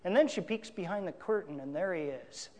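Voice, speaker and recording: A male pastor preaching a sermon, emphatic, with big swings between loud declarations and quiet asides. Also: high voice, expressive, a little fast, long reverb tail.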